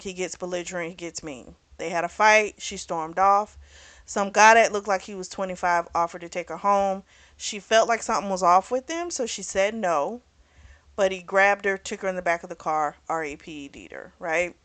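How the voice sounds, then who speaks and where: A woman's voice: mid-range voice, a bit bright, no echo. A woman casually recapping a novel's plot as a book reviewer, chatty, with fillers and restarts.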